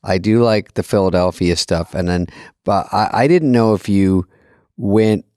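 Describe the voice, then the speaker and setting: A man's voice: sits low, measured pace, clear, resonant tone. A man co-hosting a casual chat, making wry, teasing remarks. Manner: wry, teasing, very lively intonation. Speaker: co-host.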